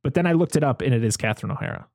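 A man's voice: mid-range voice, expressive, very fast, darkish tone, no room sound, clean studio sound. A man co-hosting a casual movie podcast, chatty and given to exasperated rants. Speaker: podcast co-host.

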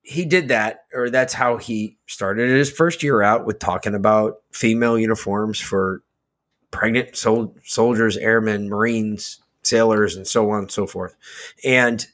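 A man co-hosting a podcast, ranting heatedly with lots of swearing and swinging between loud outbursts and slow emphasis. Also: lowish voice, steady tone. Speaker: podcast co-host. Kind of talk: casual political chat.

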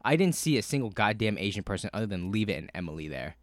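Low-voiced guy ranting and storytelling on a podcast, swears a lot, dry close mic. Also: fast talker, no echo. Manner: profane, animated, many fillers. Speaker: podcast co-host. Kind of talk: casual chat, storytelling.

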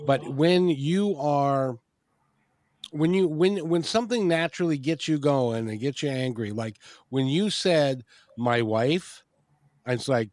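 A man's voice: on the high side, lively intonation, slow, darkish tone, no echo, clean studio sound. A man co-hosting an interview, asking questions in a joking, self-deprecating way. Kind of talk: casual interview chat.

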